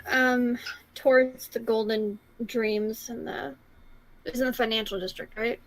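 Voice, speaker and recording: A woman playing a tabletop game, talking quickly and casually. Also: fairly high pitch, steady tone, fairly bright tone, rough recording. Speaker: player.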